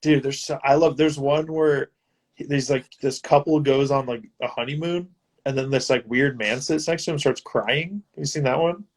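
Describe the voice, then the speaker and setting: A man's voice: medium pitch, moderate pace. Guy on a video call gushing about funny stuff, lots of likes and fillers. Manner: enthusiastic, filler-heavy retelling of sketches. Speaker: guest musician. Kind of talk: casual video chat.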